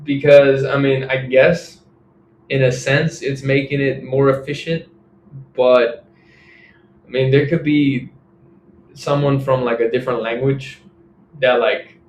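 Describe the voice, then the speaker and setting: A young man co-hosting a casual podcast discussion, talking in a relaxed, hedging way. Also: medium pitch, unhurried, long pauses. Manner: relaxed, hedging, says "if I'm being honest". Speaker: podcast co-host. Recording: echoey room, faint background hiss.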